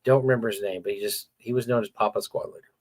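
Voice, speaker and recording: A man's voice: on the low side, fairly even intonation, fast, no echo. A middle-aged man co-hosting a casual gaming livestream, blunt and opinionated, often repeating words as he talks. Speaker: podcast co-host.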